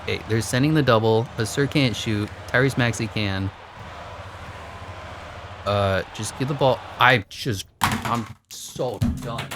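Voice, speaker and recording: A man giving sarcastic, exasperated commentary over his own basketball video game play, jumping up high when he gets annoyed. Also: unhurried, pauses often, background noise. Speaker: gaming commentator. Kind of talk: live gameplay commentary.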